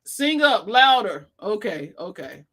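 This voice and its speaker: A woman's voice: mid-range voice, sing-song, takes it slowly, sharp tone. A woman hosting a casual livestream chat, laughing constantly and reading viewer comments aloud. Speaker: livestream host.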